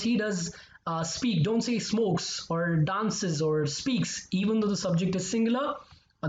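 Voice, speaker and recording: A male English teacher with a voice that sits high walks through grammar step by step, repeating examples and checking in with "okay?" and "right?" The recording is echoey and slightly dull, with a little hiss or hum.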